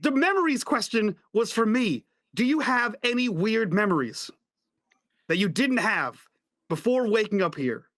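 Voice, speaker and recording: A man playing a tabletop role-playing game, excitable and quick to laugh. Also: sits high, no room sound, clean studio sound.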